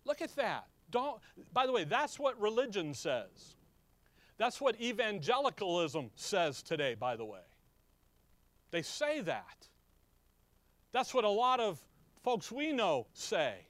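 A man preaching a sermon who keeps asking the congregation questions and answering them himself. He slows down on key words and swings from loud emphatic bursts to quiet low asides. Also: big pitch swings, no room sound.

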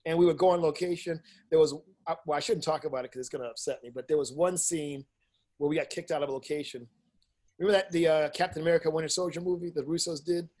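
A middle-aged man, an independent filmmaker and teacher, telling stories in a casual interview, animated and blunt, swearing freely and acting out what people said. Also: on the high side, fast talker.

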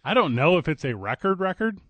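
A man's voice: on the high side, sing-song, a bit bright, no echo. A man hosting a casual morning sports talk radio show, joking and chatting with his co-host. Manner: jokey, chatty, quick banter.

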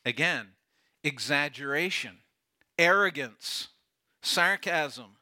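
A man preaching a sermon as pastor, earnest, often dropping soft and low to stress a point. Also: expressive, unhurried.

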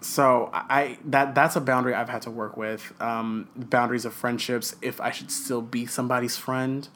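Guy on a podcast ranting, swears constantly, rough around the edges, really fired up. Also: mid-range voice, little pitch movement, normal speed, a bit bright, a little hiss or hum. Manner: profane, passionate ranting. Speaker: podcast co-host. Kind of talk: casual chat.

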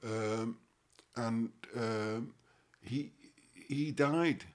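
A man's voice: medium pitch, drawn-out words. A man in his sixties with a Liverpool Scouse accent, reminiscing in a rambling, casual way as an interview guest. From Liverpool, England. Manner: rambling, peppered with "you know what I mean". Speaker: actor guest.

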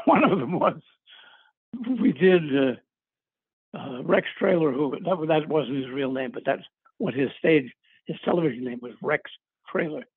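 A man's voice: fairly high pitch, lively intonation, measured pace, long pauses, breathy edge, no echo. An older man from New England, an actor, casually telling rambling stories with chuckles and filler words. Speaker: guest actor. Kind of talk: casual interview storytelling. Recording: tinny phone-line sound.

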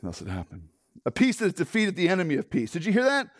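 A male pastor preaching a sermon in an animated way, often restarting and repeating words and putting questions to his listeners. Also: high-pitched, fast, dry recording, clean studio sound. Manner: rhetorical questions to the congregation.

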